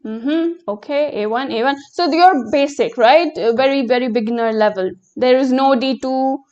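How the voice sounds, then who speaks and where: This young woman, whose mother tongue is Hindi, gives a German lesson live in English. Her high voice has a darkish tone, and the audio sounds dull, as she answers chat messages slowly, patiently, and with many fillers.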